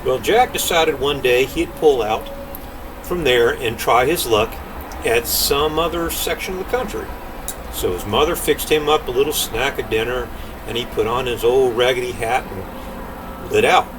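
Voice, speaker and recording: An older man reading a folk tale in an unhurried, folksy drawl. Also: mid-range voice. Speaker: storyteller. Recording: distant mic, faint air-conditioner hum.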